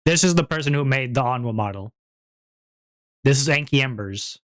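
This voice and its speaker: A man streaming and chatting casually, rambling and breaking into high-pitched giggles. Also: animated, moderate pace, a bit bright, dry recording, studio quality. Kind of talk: casual chat.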